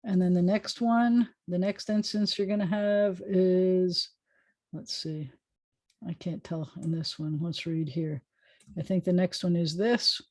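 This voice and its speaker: A woman rabbi teaching an informal online Hebrew class over a video call, chatty and joking as she sounds out words slowly. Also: lowish voice, steady tone, a little mellow, no echo.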